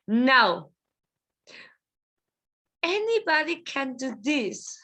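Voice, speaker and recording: A woman leads an online English lesson and says every example sentence twice for her learners. Her voice sits high and sounds bright. She speaks slowly and carefully. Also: animated. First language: Spanish. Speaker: English teacher. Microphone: video call.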